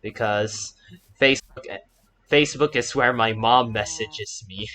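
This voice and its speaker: A man giving casual let's play commentary as he plays, chatty and breaking into loud panicked shouts, with Japanese exclamations sprinkled in. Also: on the low side, unhurried, rough recording. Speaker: gaming YouTuber and English teacher.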